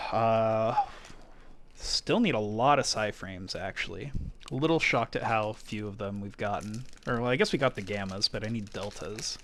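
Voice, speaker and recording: A man's voice: medium pitch, slight background noise. Guy streaming pack openings, rambly casual chat, talking to himself, pops off when he hits something good. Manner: chatty, thinking aloud, quick excited exclamations. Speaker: livestreamer opening card packs.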